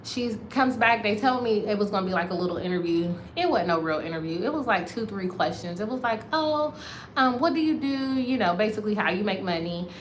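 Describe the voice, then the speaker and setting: An American woman vlogging, telling a story to her viewers in a casual, animated way and calling them y'all. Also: mid-range voice, fast, hardly any pauses, slight background noise. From United States. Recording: roomy echo, faint ambience.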